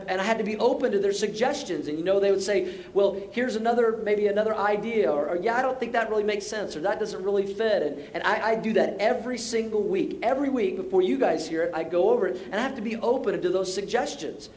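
High-voiced pastor preaching in a roomy church. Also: male voice, darkish tone. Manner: conversational, self-deprecating humor with repeated short exhortations. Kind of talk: sermon. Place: church sanctuary. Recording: roomy church sound with faint rumble.

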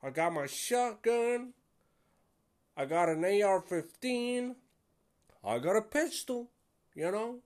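A man's voice: sits high, animated, slow, pauses often, darkish tone, pitched above the performer's own voice. A man doing a put-on Southern drawl as a boastful, gun-loving redneck. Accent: put-on American Southern. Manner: brash, proud, bragging.

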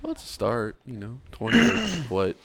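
A man's voice: mid-range voice, huge pitch swings, normal speed, fairly bright tone, husky. A man co-hosting a casual podcast chat, laughing often and joking defensively. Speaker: podcast co-host.

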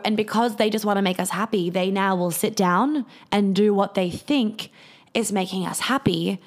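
A woman speaking candidly to her viewers in a casual monologue, telling stories and swearing freely. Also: mid-range voice. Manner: candid, swears often, storytelling.

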